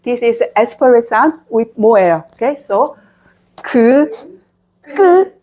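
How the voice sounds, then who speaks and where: A woman's voice: on the high side, normal speed, darkish tone. A woman with a Korean accent teaching pronunciation, patiently repeating syllables for learners to copy. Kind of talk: slow, patient pronunciation lesson.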